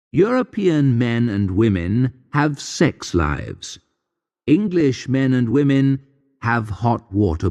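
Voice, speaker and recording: A man reading a humorous graded-reader story aloud in a dry, wry, deadpan narration. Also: medium pitch, in a large hall. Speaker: audiobook narrator.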